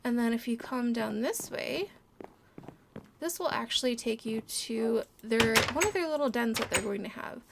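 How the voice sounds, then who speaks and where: Woman, high voice, let's play host, casual gameplay commentary, bubbly, giggly, cooing. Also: expressive, moderate pace, creaky, heavy background noise.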